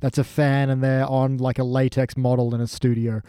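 A man's voice: medium pitch, little pitch movement, normal speed, dark tone, clean tone, no room sound, studio quality. A man co-hosting a casual rewatch chat, wry and joking, acting out lines from the show. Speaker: podcast co-host.

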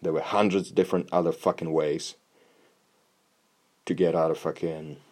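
A man's voice: low voice, level tone, moderate pace, a little mellow. A young man talking casually in a blunt, tough-love way, swearing constantly and restarting his words often. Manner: blunt, heavy swearing, repeats words when starting. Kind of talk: casual monologue.

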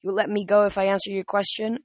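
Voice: medium pitch, little pitch movement, fast talker, no room sound, natural voice. A reader voicing a grumpy, wily old male sea spirit with a wailing, self-pitying manner in a storybook reading. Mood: grumbling. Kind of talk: audiobook reading.

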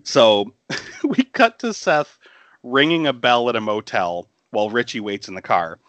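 A man who hosts a podcast retells a film scene by scene in loose, casual chat. His pitch jumps around a lot as he laughs and swears his way through it. The recording sounds dry and close, with almost no room sound. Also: a little slow, no echo. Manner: animated, laughs often, swears freely. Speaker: podcast host.

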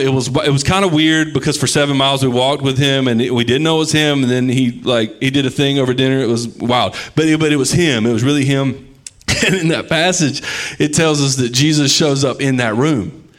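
A man's voice: on the high side, fast. A man preaching a sermon in a casual, conversational way, acting out the people in the stories he tells. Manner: conversational, animated storytelling with acted-out quotes. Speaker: pastor.

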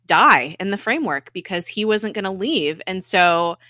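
Woman chatting about a tv episode, bright voice, acts out lines, dry sound. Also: mid-range voice, normal speed, dry recording. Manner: animated retelling with quoted voices and laughter. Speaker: podcast co-host. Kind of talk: casual TV recap chat.

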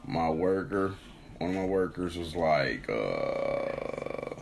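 A man's voice: low voice, very animated, slow, creaky, a little mellow, a little hiss or hum. A man co-hosting a podcast, chatting casually and loosely, swearing freely. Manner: laid-back, profane, laughs often. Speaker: co-host.

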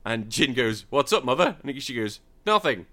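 A man's voice: medium pitch, lively intonation, normal speed, pushed and bright. A man hosting a podcast, recapping a film in sweary, mocking casual chat and acting out the characters' lines. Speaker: podcast host.

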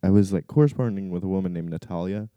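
A man's voice: sits low, fast talker, mellow, clear, resonant tone, dry recording, dull audio. A young man chatting casually as a podcast guest, laid-back, laughing often and trailing off. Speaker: comedian guest.

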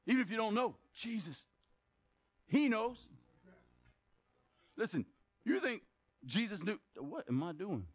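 A high-pitched male pastor preaches a spirited sermon during a church service, keeping a measured pace with frequent pauses. He quizzes the congregation, makes playful asides and bursts into shouts for emphasis.

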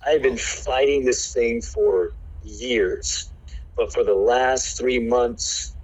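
A man's voice: mid-range voice, slow pace, muffled recording. A man, a pastor, telling his personal testimony in an earnest, emotional way. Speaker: pastor, guest.

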